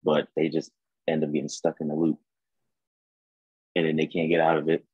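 A man talking as a guest in a casual chat, relaxed and reflective, with plenty of ums. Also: rumbling low, normal speed, slightly rough, no echo. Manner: relaxed, reflective, with many fillers. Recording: dull, dry close recording.

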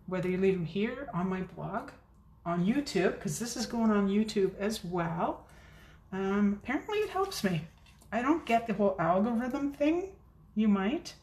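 A chatty woman demonstrating card making in a casual crafting video, talking fast and poking fun at her own forgetfulness. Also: medium pitch, darkish tone. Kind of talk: casual crafting tutorial chat. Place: home craft room. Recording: echoey room.

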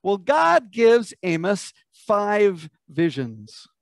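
High-voiced American preacher telling a story. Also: male voice, wildly swooping pitch, extremely slow, gravelly, dry recording. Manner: vivid storytelling, asks the congregation to imagine. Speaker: pastor. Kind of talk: sermon.

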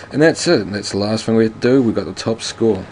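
Wry deep-voiced let's play man. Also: quick pace, a little hiss or hum. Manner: wry, relaxed with fillers. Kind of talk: casual game commentary reading a text adventure.

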